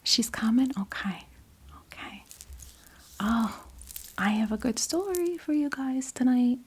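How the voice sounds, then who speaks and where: A woman's voice: high voice, expressive, slow, breathy edge, full character voice. A woman in her fifties voicing a chatty, fussing grandmother from New Jersey on a video call, in whispered role-play. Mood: tender. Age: 50s.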